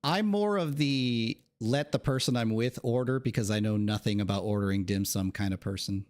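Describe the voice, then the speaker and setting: A man's voice: lowish voice, normal speed, a little mellow. A man streaming a game, making sarcastic, joking asides in casual commentary. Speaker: gaming streamer.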